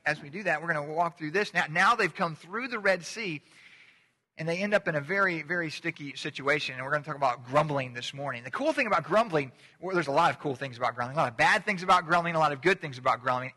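A middle-aged man preaches a relaxed, joking sermon, pitched slightly high with a bright, pushing tone. He keeps pulling the congregation in to say words along with him. The sound rings out in a large church hall with a long tail of reverb. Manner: chatty, joking, gets the congregation to repeat words. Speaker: pastor. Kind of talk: casual sermon.

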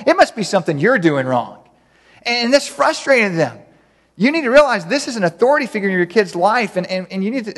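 A man's voice: sits high, fairly bright tone. A man preaching a sermon on parenting in a folksy, rambling way, often mimicking other people's voices for humor. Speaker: pastor. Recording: long hall reverb.

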